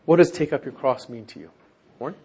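A husky-voiced man leads a small Bible study group. He teaches in a lively, animated way, acting out the quoted lines and turning to ask the group questions. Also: fast talker. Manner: animated, acts out quoted lines with raised pitch.

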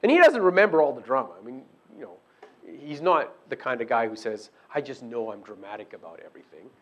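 A man preaching a sermon and praying, earnest, moving between hushed prayer and emphatic, repeated declarations. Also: mid-range voice, big pitch swings, quick pace. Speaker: pastor.

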